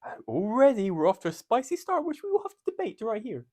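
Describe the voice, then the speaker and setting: A man's voice: extremely high pitch, huge pitch swings, quick pace, darkish tone. Jokey, swearing man. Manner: swearing, jokey, rambling recap. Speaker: podcast co-host. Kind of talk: casual chat.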